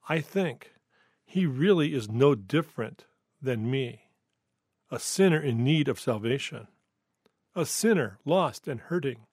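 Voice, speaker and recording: A man preaching a devotional sermon with scripture reading, in an earnest, reflective and measured way. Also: on the high side, dry recording, studio quality. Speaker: pastor.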